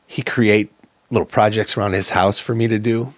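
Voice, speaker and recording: Brief: low-voiced man, plainspoken and earnest, dry close recording, personal storytelling. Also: fairly even intonation, moderate pace, dry recording. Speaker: podcast guest.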